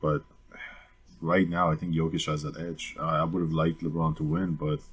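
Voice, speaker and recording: Deep, husky young male podcaster. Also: level tone, moderate pace, a bit bright. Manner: enthusiastic, chatty. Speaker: podcast co-host. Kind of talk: casual sports chat.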